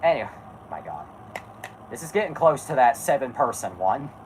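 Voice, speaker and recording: Swearing streamer yelling at a video, voice all over the place, bit of hiss. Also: mid-range voice, moderate pace, low-quality recording. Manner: loud, swearing, laughing, excitable. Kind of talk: reacting while watching a video.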